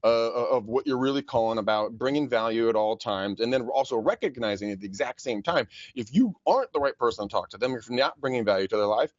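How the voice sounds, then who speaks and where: A man of middle pitch hosts a loose coaching chat, his voice rising and falling a lot as he jokes and acts out phone calls. The sound is dry and close, with a slightly dull, lo-fi tone. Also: lively intonation, quick pace, hardly any pauses, no echo. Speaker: podcast host.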